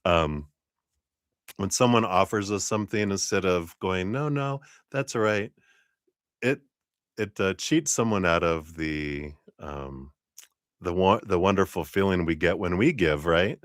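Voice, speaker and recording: A man's voice: low-pitched, a little slow, dry recording, studio quality. A man hosting a live-stream tarot reading, chatty and laughing often as he talks to viewers by name. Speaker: tarot reader.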